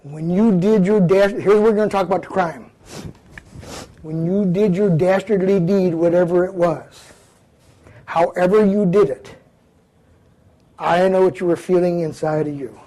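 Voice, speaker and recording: Older man with a high voice, blunt and folksy. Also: unhurried, long pauses, low-quality recording. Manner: animated storyteller, blunt, folksy. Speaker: former police officer speaking to young offenders. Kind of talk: comedic talk to a live group.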